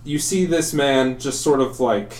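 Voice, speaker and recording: A young man narrating as game master, in a halting way with many pauses and fillers. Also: mid-range voice, a little mellow, roomy sound. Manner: halting, full of ums and likes.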